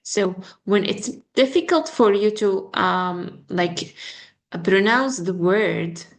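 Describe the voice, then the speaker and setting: A young woman teaching an online English pronunciation lesson. She halts often with fillers and slowly repeats words as models. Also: mid-range voice, expressive.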